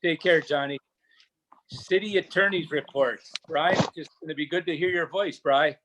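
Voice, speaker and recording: A man's voice: fairly high pitch, moderate pace, a bit bright, a little hiss or hum, low-quality recording. A man, the mayor, chairing a council meeting in a folksy, chatty way.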